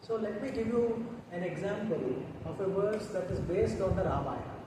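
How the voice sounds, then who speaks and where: A man with an Indian English accent giving a talk on poetry, chanting verses slowly and melodically between explanations. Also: sits high, expressive. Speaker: guest speaker on Sanskrit poetry. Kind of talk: lecture with recited Sanskrit verses. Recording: echoey hall, distant mic, noticeable noise.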